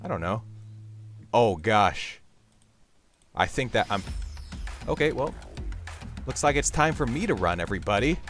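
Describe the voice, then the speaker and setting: A young man narrates his gameplay in a goofy, rambling way, chatting straight to the viewer. His voice swings widely up and down and bursts into sudden loud outcries. Faint game music plays quietly behind him. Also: on the low side, very animated, measured pace, long pauses. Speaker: gaming YouTuber. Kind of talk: playful game commentary.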